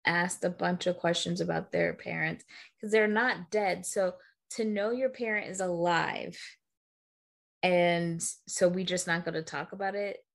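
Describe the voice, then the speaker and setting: A woman's voice: fairly low pitch, fairly even intonation, measured pace, gravelly. A woman co-hosting a podcast, chatting bluntly about a movie and swearing freely. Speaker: podcast co-host. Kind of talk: casual chat recapping a movie.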